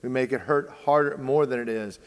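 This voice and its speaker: A man's voice: medium pitch, fairly quick, clear, resonant tone. A man hosting a baseball training conversation, telling stories with lots of fillers and acting out the dialogue. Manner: storytelling, acts out quoted dialogue, many fillers. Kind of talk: casual podcast conversation. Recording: long hall reverb.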